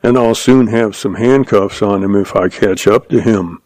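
A man voicing a slow-witted small-town sheriff who blusters, in a western audiobook. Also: lowish voice, a little mellow, no room sound, close to an everyday voice. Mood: blustering. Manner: meek then blustering.

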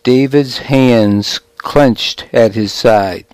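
Slow, measured male storyteller. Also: medium pitch, steady tone, darkish tone, clear, resonant tone, no echo, poor audio. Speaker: audiobook narrator. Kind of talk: scripted first-person story narration.

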